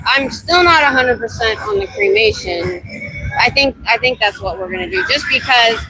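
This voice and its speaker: A woman's voice: fairly high pitch, animated, normal speed, over music, poor audio. Chatty woman livestreaming on a street. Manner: chatty, rambling, talks to passersby. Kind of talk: casual chat on a livestream. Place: city street at night, outdoors.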